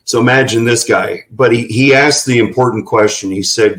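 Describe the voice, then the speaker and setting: A man's voice: medium pitch, normal speed, fairly bright tone, poor audio. A man telling folksy anecdotes in a casual interview, with plenty of fillers. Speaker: ranch representative.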